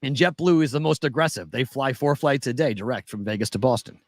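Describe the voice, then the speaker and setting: A man's voice: medium pitch, fast, no room sound. A man co-hosting a casual chat show, telling a story with animation and acting out both sides of the conversation. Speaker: podcast co-host.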